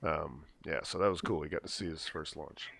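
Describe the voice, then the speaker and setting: A man's voice: very deep voice, a little fast, gravelly, a bit bright, no room sound. A man hosting a casual podcast chat, rambling with lots of fillers and frequent laughs. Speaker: podcast host.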